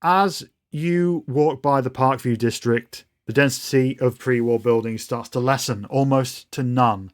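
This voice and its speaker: A man's voice: medium pitch, unhurried, few pauses. A man narrating a tabletop role-playing game as game master, describing scenes in a loose, storytelling way.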